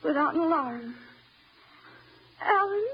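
An unhinged, vengeful wife in a 1940s radio drama, slow and menacing, with a voice pitched a bit high that swoops widely. The old broadcast sounds dull with a faint hiss underneath. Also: female voice, expressive, exaggerated voice. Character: unhinged vengeful wife, young adult, taunting. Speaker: escaped asylum patient wife.

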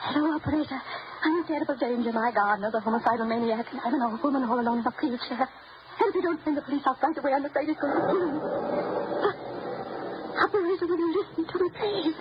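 A woman's voice: sits high, fast talker, close to an everyday voice. An actress playing a nervous, fussy old woman in a wheelchair in an old radio drama. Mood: terrified pleading. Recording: lo-fi old radio recording with hiss.

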